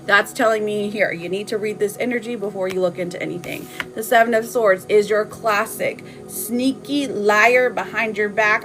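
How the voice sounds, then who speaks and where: A woman giving casual tarot readings on a live stream, chatting warmly with viewers and laughing often. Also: mid-range voice, low-quality recording.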